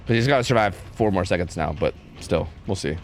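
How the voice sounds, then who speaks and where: A man's voice: low-pitched, lively intonation, a little fast, faint music behind. Chill young guy from new york streaming, talking over the game, lots of likes and ums. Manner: laid-back, lots of filler words. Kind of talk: casual gameplay commentary.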